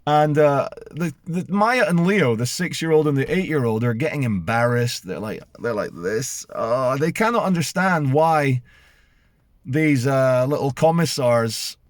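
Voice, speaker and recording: A man in his forties with a Canadian accent, telling a story to camera in a casual, animated way and acting out the people he quotes. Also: medium pitch, measured pace, no echo, studio quality. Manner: animated, acts out quoted voices, many restarts. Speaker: vlogger.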